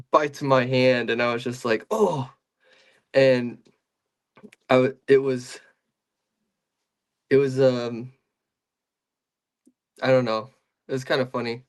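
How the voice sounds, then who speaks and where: Young guy telling a rambly story on a podcast, keeps restarting, normal pitch. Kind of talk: casual podcast chat.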